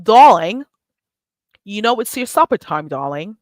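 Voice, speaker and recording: A woman voicing a posh English lady in a put-on English accent who calls someone in for supper with drawn-out endearments. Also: mid-range voice, big pitch swings, dry recording. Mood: sing-song. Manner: sing-song, drawn-out endearments. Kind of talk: live stream chat.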